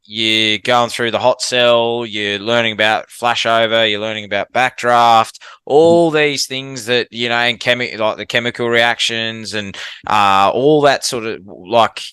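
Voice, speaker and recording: A man's voice: medium pitch, measured pace, pushed and bright, clean tone, no room sound. An Australian man hosting a podcast, asking questions enthusiastically and saying "mate" a lot. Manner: enthusiastic, says "mate" often. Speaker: podcast host, firefighter. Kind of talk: casual podcast interview.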